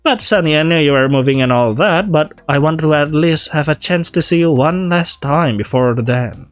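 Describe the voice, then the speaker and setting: A man's voice: fairly high pitch, expressive, normal speed, faint music behind, close to an everyday voice. A man reading the lines of a cheerful, caring teenage girl friend from a visual novel game, in his own voice. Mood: earnest. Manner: read out plainly from on-screen text.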